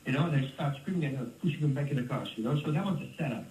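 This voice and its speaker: A Dutch man in his fifties telling stories in a casual interview, animated and laughing often. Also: mid-range voice, rapid-fire, a little hiss or hum. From Netherlands. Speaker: interview guest, former fighter. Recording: roomy, distant mic with faint ambience.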